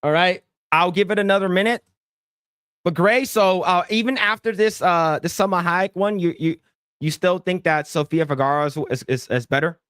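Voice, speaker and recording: A man's voice: high voice, moderate pace, fairly bright tone, clear, resonant tone, no room sound, studio quality. A man hosting a casual livestream podcast, rambling, repeating words and thanking donors. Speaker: podcast host.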